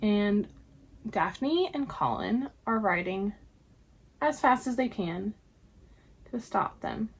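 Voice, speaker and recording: A woman's voice: medium pitch, expressive, slow, long pauses, breathy edge. A young woman casually recapping a TV episode, retelling it chattily with frequent fillers. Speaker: show recap vlogger.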